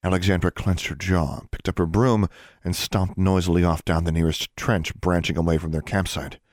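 A man narrating an audiobook in a steady, even storytelling manner. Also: sits low, moderate pace, dry recording, clean studio sound. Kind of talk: scripted narration.

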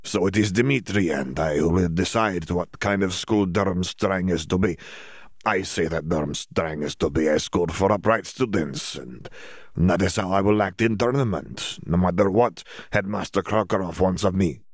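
Reading an audiobook, a man with a deep voice plays an earnest young male student wizard who speaks in stiff, formal phrasing with hesitations. The delivery is at normal speed, with studio quality and no room sound.

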